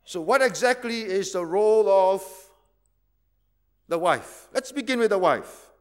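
A man's voice: high voice, animated, unhurried. A male pastor, preaching a teaching sermon, asking rhetorical questions and repeating key words for emphasis.

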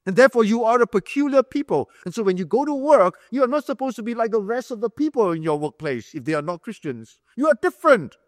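A man's voice: extremely high pitch, big pitch swings, fast talker, few pauses, no room sound, studio quality, in a large hall. A male pastor preaching a sermon, emphatic, repeating key phrases and quizzing the room like a teacher. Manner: explains like a teacher, asks the room questions.

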